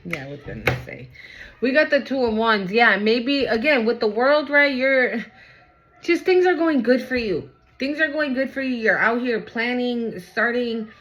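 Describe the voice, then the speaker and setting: A woman's voice: on the high side, animated, unhurried, fairly bright tone, dull audio. A woman giving a casual tarot reading, talking straight to her viewers. She is blunt and swears freely. She drives each point home by repeating it and tagging on "right?". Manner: blunt and profane, repeats phrases for emphasis; asks "right?" again and again. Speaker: tarot reader.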